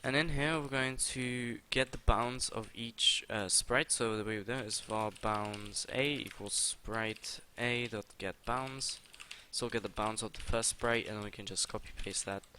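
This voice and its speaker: A man's voice: mid-range voice, fairly even intonation, unhurried, few pauses, bright, forceful tone, a little hiss or hum. A young man hosting a casual coding tutorial, talking his way through the steps with frequent uh and um fillers. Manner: casual, hesitant, with many uh and um fillers. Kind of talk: screen-recorded coding tutorial.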